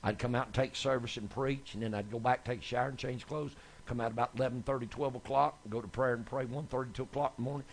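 Gravelly preacher telling stories. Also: male voice, medium pitch, quick pace, hardly any pauses, a little hiss or hum. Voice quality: gravelly, husky. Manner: folksy storytelling, rising to excited shouts. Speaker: evangelist preacher. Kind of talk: sermon testimony.

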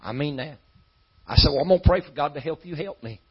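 A man preaching a sermon in a folksy style that climbs into shouting. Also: a little high, animated, fast, husky, muffled recording.

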